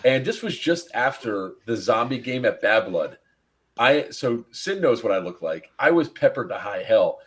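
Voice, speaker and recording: A man's voice: medium pitch, moderate pace. A man hosting a casual live stream, telling a story with lots of laughing and acted-out voices. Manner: animated, laughing, acts out voices in anecdotes. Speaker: podcast host.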